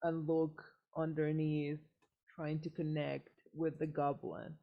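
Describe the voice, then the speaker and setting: A woman player in a tabletop game, talking in a halting, hesitant way. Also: low-pitched, level tone, gravelly. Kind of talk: casual tabletop play. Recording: dull lo-fi mic.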